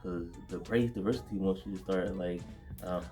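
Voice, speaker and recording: A man co-hosting a casual faith conversation, halting and full of fillers, with a stutter. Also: low-pitched, steady tone, dark tone, faint music behind. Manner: halting, many fillers, laughs easily. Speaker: podcast co-host.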